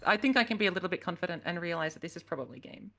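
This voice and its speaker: Her lowish voice races along, expressive, bright, and forceful, as she co-casts a live esports match. The woman, from the Americas, thinks aloud analytically and often second-guesses her reads.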